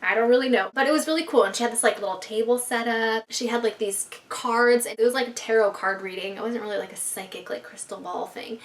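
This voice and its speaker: A woman's voice: fairly high pitch, fast talker, hardly any pauses, distant mic. A young woman vlogger telling a story in a chatty, rambling way, swearing freely and laughing often. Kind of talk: casual storytime monologue.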